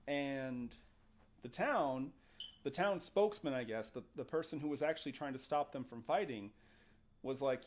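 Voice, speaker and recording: A man's voice: mid-range voice, moderate pace. A man hosting a casual show, telling a ghost story with jokes and acted-out quotes. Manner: animated, jokey, acts out quotes. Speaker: podcast host.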